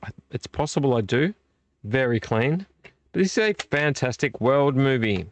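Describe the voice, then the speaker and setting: A man's voice: medium pitch, animated, normal speed. Rambling man hosting a live vlog. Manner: rambling, easily distracted, self-correcting. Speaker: vlog host. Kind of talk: casual live-stream chat.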